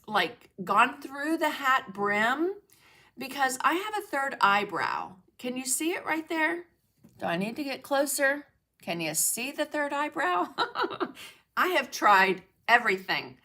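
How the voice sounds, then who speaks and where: Bright-voiced chatty woman hosting a livestream. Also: high voice. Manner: chatty, greets viewers by name, laughs often. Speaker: art journaling livestream host. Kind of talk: casual livestream chat. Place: home studio.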